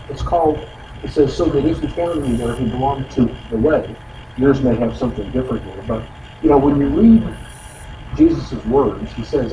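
A man teaching a conversational Bible study, explaining scripture in a folksy way with many asides. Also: medium pitch. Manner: explanatory, folksy, frequent "you know" asides. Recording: echoey room from far off with noise.

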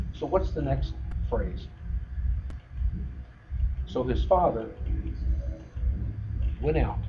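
A middle-aged man preaching a sermon in a conversational way, full of fillers and restarts. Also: medium pitch. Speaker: pastor. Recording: dull lo-fi sound with faint noise.

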